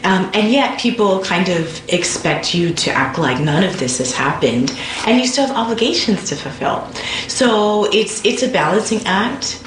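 A woman's voice: medium pitch, expressive, normal speed, a little hiss or hum. A woman speaking thoughtfully and candidly in an interview. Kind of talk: interview reflection. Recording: roomy echo.

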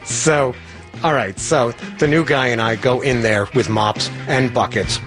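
A man's voice: mid-range voice, a little slow, over music. A man telling a personal story in a wry, self-mocking way. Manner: wry, self-mocking, acts out quoted voices.

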